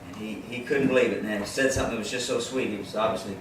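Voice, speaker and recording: A man's voice: on the low side, fairly even intonation, rapid-fire, background noise. A man chatting casually between songs at a live music session, telling a rambling story and often restarting his phrases. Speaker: singer-songwriter performing live. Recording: echoey room, far from the mic, loud guitar.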